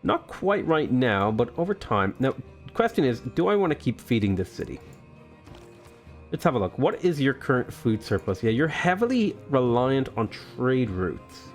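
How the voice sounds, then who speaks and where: Here the let's play host has a mid-range voice, sounds very animated, and keeps to a normal speed. Playful and joking, he rambles with many fillers over quiet game music.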